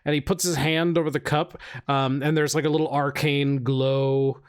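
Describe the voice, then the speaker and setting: A man's voice: fairly high pitch, little pitch movement, normal speed, smooth. A man narrating a tabletop game as game master, loose and rambling with many fillers and frequent laughs.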